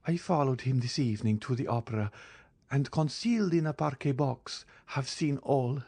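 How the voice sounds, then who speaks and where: A man's voice: medium pitch, animated, normal speed, warm tone, slightly rough, no room sound, voice pushed up. A man reading an audiobook, voicing a despairing middle-aged noblewoman who pleads for her son. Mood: pleading. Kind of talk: audiobook character voice.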